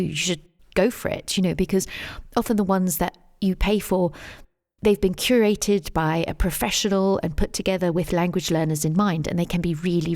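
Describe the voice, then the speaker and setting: A middle-aged woman with a London English accent, answering interview questions as the guest, measured and thoughtful, with plenty of "um" and "you know". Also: fairly low pitch, a little mellow. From England. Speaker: guest, English teacher and tour guide.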